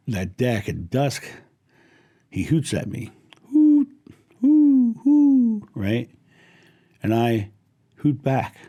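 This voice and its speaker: A middle-aged man giving a slow, heartfelt spiritual talk, lingering gently on his words. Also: lowish voice, breathy edge. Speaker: spiritual teacher.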